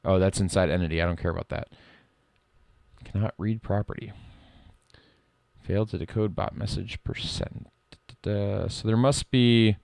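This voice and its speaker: A middle-aged man streaming live code work, reading lines aloud and thinking out loud in a casual way. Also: lowish voice, fairly even intonation, normal speed, gravelly, no echo. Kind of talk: casual live-coding commentary.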